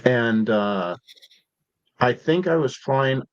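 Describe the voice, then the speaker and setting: A man's voice: medium pitch, lively intonation, takes it slowly, dry recording, highs cut off. A man guest on a podcast, telling rambling stories in a casual, profane way, full of "like" and "dude". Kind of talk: casual storytelling.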